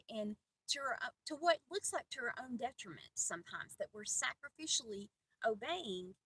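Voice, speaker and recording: A middle-aged woman giving a heartfelt personal devotional talk, earnest and pausing often. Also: mid-range voice, a bit bright, distant mic, slight background noise, rough recording. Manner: earnest, heartfelt, with many pauses and fillers. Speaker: Christian video host.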